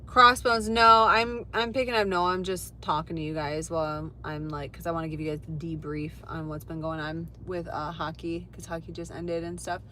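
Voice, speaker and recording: A young woman chatting casually to her live stream viewers, animated and full of fillers and swearing. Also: deep voice, moderate pace, hardly any pauses, slight background noise. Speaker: livestreamer. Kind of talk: casual storytelling to a live chat.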